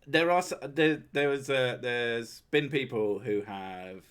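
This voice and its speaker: A man's voice: medium pitch, takes it slowly, a bit bright, clean tone. A man hosting a casual podcast chat, ranting and swearing freely. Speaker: podcast host.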